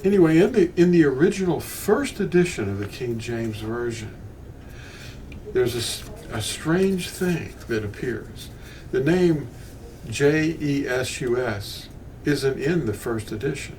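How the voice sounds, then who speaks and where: Older man, bible teacher, unhurried, rambling asides, distant mic, faint room noise. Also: mid-range voice, lively intonation, darkish tone. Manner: meandering, with frequent restarts and asides. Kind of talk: unscripted teaching talk.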